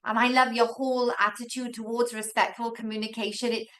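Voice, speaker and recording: A woman's voice: a little high, little pitch movement, brisk, a bit bright. A woman moderating a parenting webinar over a video call, affirming the guests' points and giving examples from daily life. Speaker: webinar moderator and school educator.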